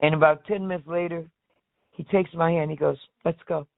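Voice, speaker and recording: A woman's voice: deep voice, a little fast, dry recording. Storytelling woman on a tinny line. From United States. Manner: lively, acts out quoted voices. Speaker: guest, singer. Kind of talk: casual storytelling interview. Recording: tinny phone-like line, dry.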